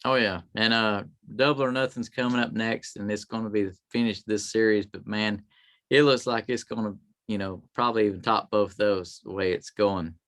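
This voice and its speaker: Featured as a guest in a laid-back interview, a male tribute performer wanders through anecdotes, frequently quoting and acting out others' words. He speaks at a moderate pace in a lowish, steady, fairly bright voice.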